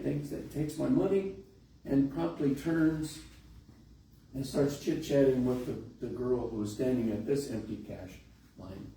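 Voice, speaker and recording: A man's voice: medium pitch, mellow. A middle-aged man pastor telling a folksy, conversational story during a sermon in a large church. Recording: echoey hall, distant mic, faint hiss.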